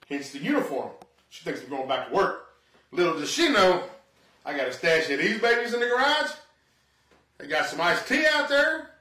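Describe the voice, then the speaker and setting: A man's voice: high voice, sharp tone, reverberant, distant mic. A man doing a rambling, self-mocking comedy monologue at home in his living room. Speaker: stand-up comedian.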